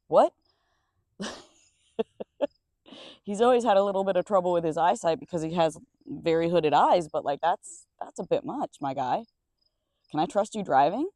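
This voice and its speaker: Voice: medium pitch, darkish tone, no echo. Blunt, rambling young adult, dry close sound. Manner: rambling and blunt, swears freely. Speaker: nursing assistant. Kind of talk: casual storytime monologue. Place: outdoors with crickets around.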